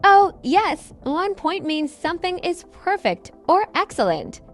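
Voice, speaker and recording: A woman's voice: very high voice, very animated, measured pace, soft background music. A woman co-hosting a scripted English lesson podcast, upbeat and explaining phrases with examples. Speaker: co-host and English teacher.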